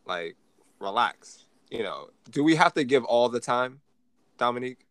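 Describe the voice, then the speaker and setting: A man on a podcast in casual chat, cutting in loudly with jokes. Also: medium pitch, big pitch swings, moderate pace, no echo.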